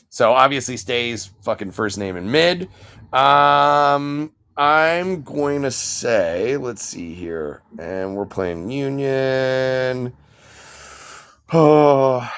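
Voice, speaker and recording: A man's voice: medium pitch, a bit bright, smooth. A man co-hosting a casual podcast chat, swearing often and thinking aloud as he weighs his picks. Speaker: podcast co-host.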